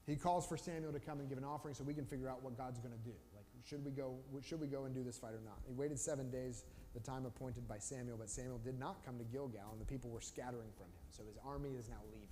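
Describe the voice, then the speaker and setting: Casual animated man teaching the Bible. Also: medium pitch. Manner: animated storytelling with quick voiced asides for biblical characters. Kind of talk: casual Bible study talk. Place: church room. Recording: live stream with long reverb and faint noise.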